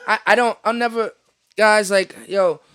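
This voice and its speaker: A man from New York City sits at a podcast mic and rants in loose, profane street talk. His voice sits high for a man, and he jumps from one complaint to the next. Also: unhurried, smooth. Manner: animated ranting with profanity and street slang. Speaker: podcast host. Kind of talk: casual podcast chat.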